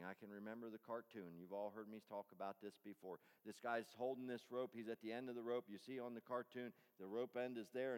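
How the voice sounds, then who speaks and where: A man's voice: medium pitch, smooth. Preaching man in a reverberant hall. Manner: dramatic swings from loud preaching to soft whispers. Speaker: pastor. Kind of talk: sermon. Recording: long reverb of a large hall.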